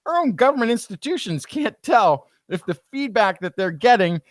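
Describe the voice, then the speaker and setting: A man co-hosting a science podcast, talking in an animated, storytelling way. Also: sits high, moderate pace, no room sound, clean studio sound. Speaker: podcast co-host. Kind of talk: casual chat.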